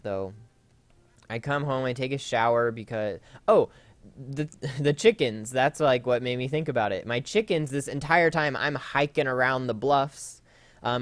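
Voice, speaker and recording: A man's voice: medium pitch, no echo. Rambling man telling a story over gameplay. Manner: rambling, with frequent fillers and self-corrections. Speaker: Let's Play host. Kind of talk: casual storytelling while playing a game.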